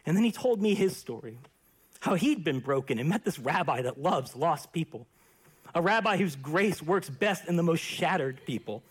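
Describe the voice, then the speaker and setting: Impassioned pastor with a slightly husky voice. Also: male voice, a little high, lively intonation, moderate pace. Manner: earnest and impassioned, with hushed quiet passages. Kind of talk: sermon.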